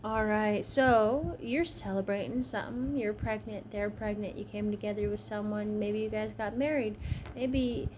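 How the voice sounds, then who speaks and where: A woman's voice: medium pitch, moderate pace, few pauses, a little mellow, a little hiss or hum. A woman giving a casual tarot reading, chatty and frank, tired from a long shift. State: tired, yawning. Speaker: tarot reader.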